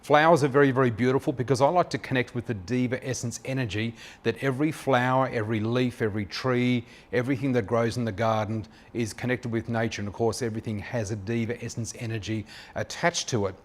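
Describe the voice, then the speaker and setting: A man's voice: medium pitch, fairly even intonation. Chatty Australian man in his fifties. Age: 50s. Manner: chatty and anecdotal, many filler pauses. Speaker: psychic flower reader. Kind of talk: personal storytelling monologue.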